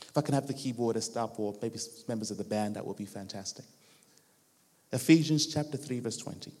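A man's voice: fairly low pitch, fairly quick, warm tone, slightly rough. A man giving a sermon as a guest preacher in a church hall, building his points through rhythmic repetition and acting out the voices he quotes. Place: church hall with a live band. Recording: long hall reverb.

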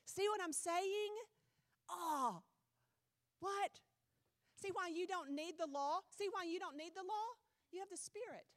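A woman preaching a sermon, blunt and animated, mocking excuses in quick mimicry. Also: extremely high pitch, dry recording.

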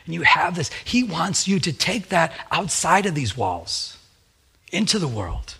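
A man's voice: on the high side, big pitch swings, measured pace, creaky, bright, forceful tone, husky. A middle-aged man, a pastor, preaching a sermon with a fervent, repetitive cadence.

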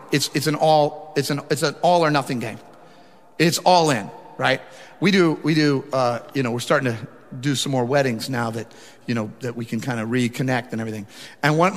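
A man's voice: medium pitch, fairly bright tone. A man preaching a sermon, emphatic and talking directly to the congregation. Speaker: pastor. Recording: long hall reverb.

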